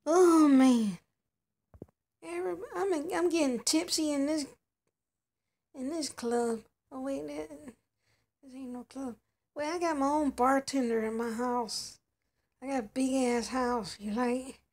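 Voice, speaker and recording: A woman's voice: sits high, takes it slowly, long pauses, darkish tone. A woman voicing a showy young female doll heading out clubbing, talking in a playful, show-off way. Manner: playful, showing off, chatty. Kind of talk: doll play narration.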